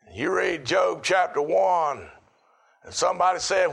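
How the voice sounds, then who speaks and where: A middle-aged man preaching a sermon, chanting in a repetitive cadence that rises to shouts. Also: high voice, sing-song, moderate pace, vocal fry, slightly rough.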